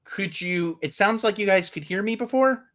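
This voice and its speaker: A man's voice: high-pitched, lively intonation, moderate pace, a bit bright. A man co-hosting a film review podcast over a video call, rambling with many fillers. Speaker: podcast co-host. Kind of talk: casual film review chat.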